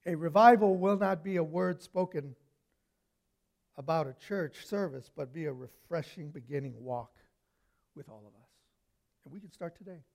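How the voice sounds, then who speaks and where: A man preaching a sermon, telling stories with lively swings from loud to hushed. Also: fairly high pitch, normal speed, creaky, pauses often.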